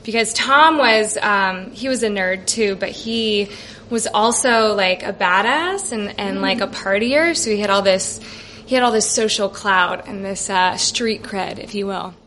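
A woman's voice: medium pitch, unhurried, fairly bright tone, a little hiss or hum. A woman around thirty telling a wry, self-deprecating personal story on stage. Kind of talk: live comic personal storytelling. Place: coffee shop stage.

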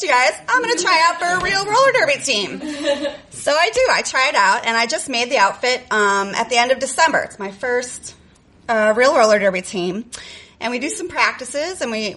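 Woman storyteller from South Side Chicago, tough, sarcastic, animated, bright and edgy tone. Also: a little high, a little hiss or hum. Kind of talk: live personal storytelling. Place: live show on stage.

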